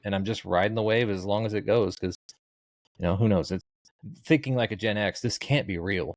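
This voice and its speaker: Middle-aged male guest, low, dry close sound, rambling laid-back storyteller with deadpan humor. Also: fairly quick, dry recording. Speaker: guest, social media comedian. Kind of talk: casual interview chat.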